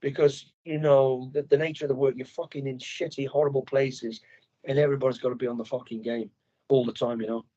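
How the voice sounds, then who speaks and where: A middle-aged Englishman, a former soldier, tells stories as a guest on a podcast in a casual interview chat. He's blunt, swears heavily and narrates with animation. His voice is medium-pitched and fairly quick, and the audio sounds dull.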